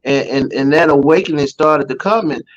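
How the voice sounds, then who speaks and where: A man's voice: on the high side, normal speed, highs cut off. A man with a New Orleans accent, a guest telling his life story as an emotional personal testimony, acting out the voices of the people in it. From Louisiana. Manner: storytelling, acting out quoted voices, frequent "man" and "you know".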